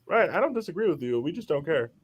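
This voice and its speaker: Man, stream panelist, slightly high voice, animated football banter. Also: breathy edge. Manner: animated, fast storytelling, acts out reactions.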